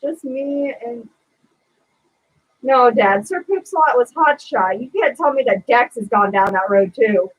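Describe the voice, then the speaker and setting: A woman co-hosting a casual podcast, telling a sarcastic retail story in a lively, chatty way. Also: on the high side, a little slow, breathy edge, rough recording. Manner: animated, sarcastic retelling of a retail customer. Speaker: podcast co-host.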